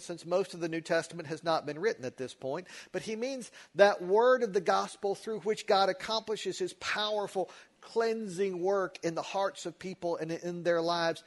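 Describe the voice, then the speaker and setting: Middle-aged pastor preaching with stories. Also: male voice, high voice. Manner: storytelling with quick asides and shifts between loud and quiet. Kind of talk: sermon.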